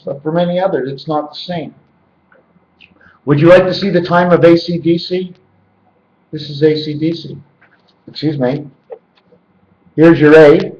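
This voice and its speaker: Indoors at home, a man with a slightly high, somewhat mellow voice rambles into his handheld camera, hopping from one loose word or number association to the next. His vlog audio comes across dull, lo-fi, and echoey.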